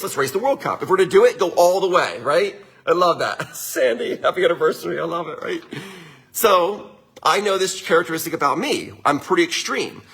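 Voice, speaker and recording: Husky-voiced upbeat man, lively delivery. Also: sits high. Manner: upbeat, chatty, often tags lines with "right?". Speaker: winery owner hosting a livestream. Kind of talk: casual motivational talk to viewers.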